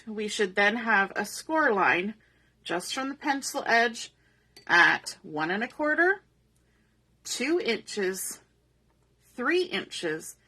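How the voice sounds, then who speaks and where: Bright-voiced woman teaching a card craft. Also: mid-range voice. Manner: patient, methodical, talks through each step. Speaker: papercraft instructor. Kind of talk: step-by-step crafting tutorial.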